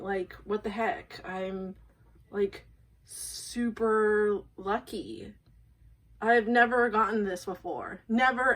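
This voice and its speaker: A woman's voice: mid-range voice, a bit bright, slightly rough, low-quality recording. A woman filming a casual unboxing vlog, gushing and rambling, emotional and shaky, often apologizing. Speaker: vlogger unboxing photocards. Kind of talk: casual excited unboxing talk.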